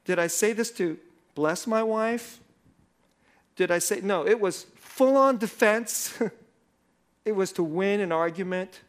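A middle-aged man, a pastor, preaching a sermon and telling a self-deprecating personal story in a conversational way, often laughing. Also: high voice.

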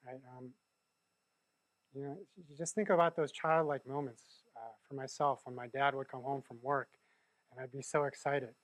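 A man's voice: mid-range voice, fairly even intonation, normal speed, no room sound. A man preaching a sermon in a conversational way, often checking in with the listeners. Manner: conversational, keeps asking "right?". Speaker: pastor.

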